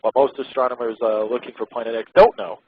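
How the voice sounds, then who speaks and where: A man's voice: mid-range voice, steady tone, fast talker, slightly rough, no room sound, narrow, tinny audio. A man hosting an internet radio show, chatting casually and reading out web articles in a rambling, irreverent way, laughing often. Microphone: close mic he keeps blowing into.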